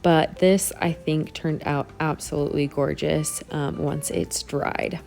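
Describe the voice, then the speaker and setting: A woman giving a relaxed, step-by-step voice-over for a craft tutorial. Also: low-pitched, measured pace, gravelly, soft background music. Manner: easygoing, step-by-step explaining.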